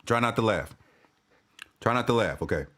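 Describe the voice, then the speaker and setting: A man's voice: lowish voice, expressive, normal speed, a bit bright. A man rants about basketball to his camera, his voice swinging widely up and down. He keeps breaking into laughter, swears freely and repeats his lines over and over. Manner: laughing, profane, repeats himself. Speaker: sports fan commentator. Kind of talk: casual rant to camera.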